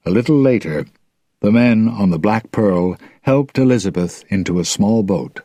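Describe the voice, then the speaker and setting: A man reads a story aloud for English learners in a slow, measured way. His voice sits a bit low. The sound is dry and close. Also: a little mellow, breathy edge, no echo. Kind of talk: scripted narration for English learners.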